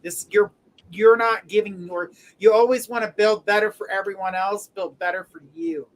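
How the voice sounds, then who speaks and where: A woman's voice: mid-range voice, steady tone, moderate pace, poor audio. A woman hosting a live stream as a tarot reader, chatting, encouraging viewers and laughing often. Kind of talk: live-stream chat and joke telling.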